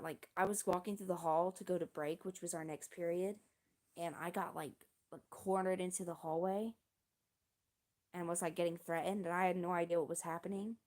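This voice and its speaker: A woman streamer casually telling a long story on a livestream, halting and restarting often, with casual swearing. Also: on the low side. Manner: rambling, halting, with many restarts and fillers.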